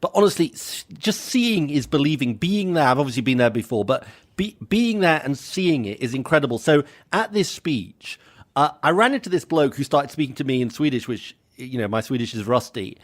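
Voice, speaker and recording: A man's voice: medium pitch, animated, fairly quick. A man from Britain co-hosting a podcast, telling an anecdote in a chatty way with many restarts. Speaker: podcast co-host. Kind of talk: casual chat.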